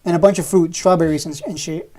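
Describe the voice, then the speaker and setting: A woman in her thirties chats on a live stream with a mellow, darker voice sitting low in pitch. She teases viewers with profanity-laced jokes and laughs often between lines. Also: steady tone, quick pace. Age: 30s. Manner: profane, teasing, joking rants. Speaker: livestream host reading chat. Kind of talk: casual live-stream chat.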